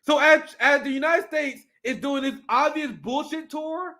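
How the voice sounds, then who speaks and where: High-pitched male commentary host, animated and profane, reading and reacting. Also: measured pace. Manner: profane, animated, laughs often; reads clips aloud while reacting. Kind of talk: casual political commentary.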